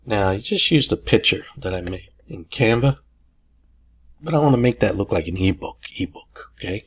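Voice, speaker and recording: A man hosting a casual screen-recorded software tutorial, folksy and chatty with lots of "okay"s. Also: fairly low pitch, lively intonation, moderate pace, slightly rough. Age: older. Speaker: tutorial host.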